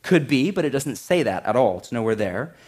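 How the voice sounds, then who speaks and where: A male pastor preaching a sermon in a relaxed, conversational way, joking and saying "like" a lot, to a live congregation in a church. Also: mid-range voice, fairly quick, slightly rough.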